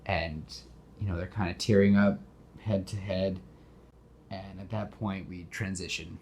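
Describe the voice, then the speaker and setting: A man's voice: sits low, steady tone, unhurried, a little mellow, slight background noise. A man co-hosting a podcast, casually retelling movie scenes and acting out the characters' lines, with plenty of fillers and restarts. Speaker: podcast co-host pitching a movie.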